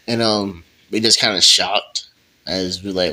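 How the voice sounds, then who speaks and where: A man with a fairly low voice tells a made-up story in relaxed slang, acting out bits of dialogue as he goes. The tone is very bright and sharp. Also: slow pace, rough recording. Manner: slangy, animated, acts out dialogue. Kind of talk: casual improvised role-play storytelling.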